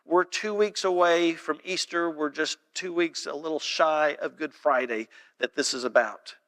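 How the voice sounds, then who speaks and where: A man preaching a sermon in a church, telling stories and reading scripture aloud with animated delivery. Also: a little high, normal speed. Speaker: pastor. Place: church sanctuary.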